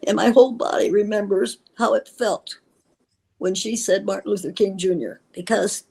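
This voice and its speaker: A woman's voice: mid-range voice, creaky, a little mellow, slightly rough, rough recording. An older woman, a retired schoolteacher, telling her story in an interview with emphatic, indignant feeling and acting out the dialogue she recalls. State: tearful at times. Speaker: interview guest, former schoolteacher.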